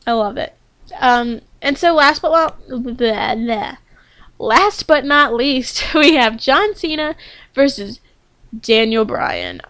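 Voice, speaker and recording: A woman's voice: fairly high pitch, big pitch swings, slow pace, fairly bright tone, no room sound. A young woman chatting casually to camera as a fan vlogger, bubbly and gushing, with lots of ums.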